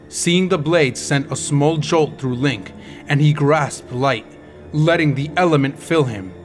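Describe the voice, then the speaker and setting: A man narrating an audiobook chapter with dramatic, intense storytelling. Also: medium pitch.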